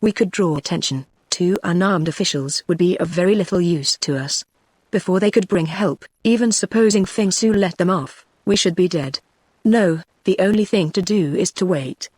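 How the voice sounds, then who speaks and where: A text-to-speech voice of a woman with a British English accent, reading the lines of a calm, resolute man in a storybook. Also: on the low side, slightly rough, no echo. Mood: measured. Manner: measured, dry. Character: calm, resolute man trapped aboard a ship.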